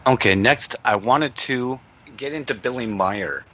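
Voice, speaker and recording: A radio host conducts a casual interview chat, offering short reactions and thinking aloud while clicking through a website. His voice is medium-pitched and bright, with a forceful tone and a measured pace. The recording sounds dull and lo-fi, with a faint hiss.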